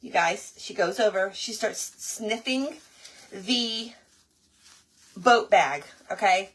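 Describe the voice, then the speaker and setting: A woman's voice: medium pitch, takes it slowly, breathy edge. A woman, chatting to viewers as she crafts and tells a story. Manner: chatty, animated, talks to viewers as y'all. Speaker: craft livestream host. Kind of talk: casual storytelling while crafting.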